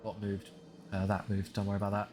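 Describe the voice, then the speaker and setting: A man's voice: fairly low pitch, completely flat delivery, fast talker. A young man commentating his own strategy game, talking to his units with wry frustration over a desk microphone. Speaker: gaming channel host. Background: game music.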